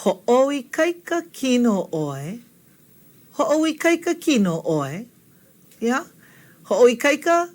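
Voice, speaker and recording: A woman teaching a spoken language lesson, patient and encouraging, often checking in with the learner. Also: fairly high pitch. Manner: patient, repeats and checks in with "okay?".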